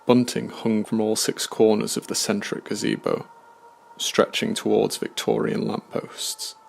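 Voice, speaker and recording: A man narrating a scripted horror story in a measured, somber way. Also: lowish voice, monotone, gravelly, slightly rough.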